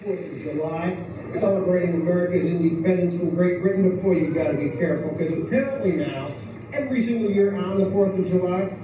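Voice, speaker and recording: A male comedian telling stories in a stand-up set on a club stage, with a deadpan delivery. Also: sits high, fast. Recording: echoey club from far off, dull, loud crowd.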